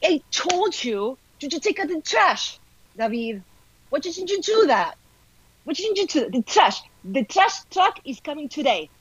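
A woman's voice: high voice, big pitch swings, a little slow, no room sound, lo-fi sound, voice pushed up. A woman voicing a nagging wife who scolds her husband in an exasperated, repetitive way. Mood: scolding.

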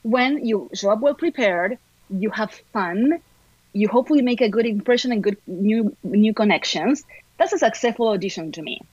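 A woman's voice: mid-range voice, breathy edge, dry recording, highs cut off. Upbeat woman. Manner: upbeat, lively, talks fast in bursts. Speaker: actress, guest. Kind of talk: casual podcast chat.

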